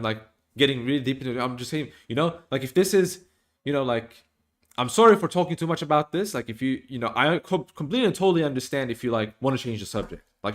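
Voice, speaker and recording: A man rambling through casual stream commentary. His voice sits at an everyday mid pitch, and his talk is loose, filled with pauses, fillers and restarts.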